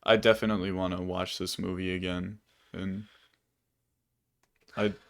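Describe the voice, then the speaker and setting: A man talks through a film on a casual podcast, meandering and full of fillers. His voice sits low and easygoing. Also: little pitch movement, measured pace, gravelly, a little hiss or hum. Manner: rambling, many fillers. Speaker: podcast co-host. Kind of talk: casual movie review chat.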